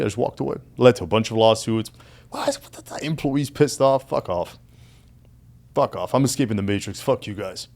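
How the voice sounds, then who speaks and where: A man's voice: medium pitch, darkish tone. A man who is a guest on a casual podcast, telling his story animatedly with heavy profanity and calling the host "brother".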